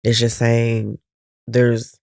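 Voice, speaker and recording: Earnest man co-host, gravelly voice. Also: medium pitch, monotone, drawn-out words, darkish tone, no room sound, clean studio sound. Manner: earnest, emphatic, searches for words. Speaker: podcast co-host. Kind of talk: casual chat.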